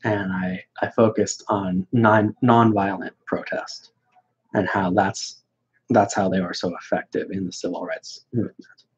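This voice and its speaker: A young man talking bluntly and mockingly in casual chat as a podcast guest, halting with many restarts, on a dull lo-fi recording. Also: sits low, flat delivery, husky. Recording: dull lo-fi sound.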